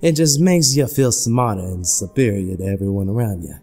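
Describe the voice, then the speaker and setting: A blunt, impatient police captain barks his questions, as a man voices him. The tone is low and dark, demanding and pushy, a gruff figure from a spoken horror tale. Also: brisk, soft background music. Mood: pressing. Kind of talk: horror story narration voice acting.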